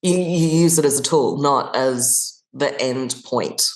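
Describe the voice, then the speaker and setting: A woman from Australia with a low voice talks as a podcast guest, recorded in a roomy, echoey space. She thinks aloud, restarts her phrases and slips into little acted-out examples. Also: takes it slowly. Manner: thoughtful, restarts often, acts out examples. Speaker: guest actor. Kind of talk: conversational podcast interview.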